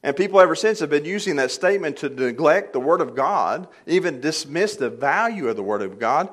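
A man's voice: a little high, expressive, fairly quick, few pauses. Older man preaching with emphatic build. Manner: emphatic, rising to forceful peaks on key points; plain conversational asides with light humor. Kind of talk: sermon. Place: church sanctuary.

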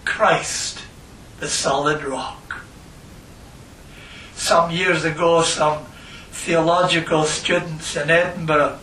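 Man, preacher, slow deliberate delivery, bright tense voice, echoey room, heard from afar. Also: on the high side, distant mic, slight background noise. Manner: slow, emphatic, repeats phrases for stress. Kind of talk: sermon with scripture reading.

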